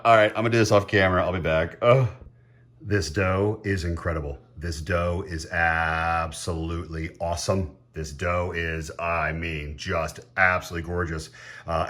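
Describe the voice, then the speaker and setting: Middle-aged male home cook, deep voice, unhurried, chatty and excitable, faint room noise. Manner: chatty, laughs often, excitable. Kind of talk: casual cooking vlog.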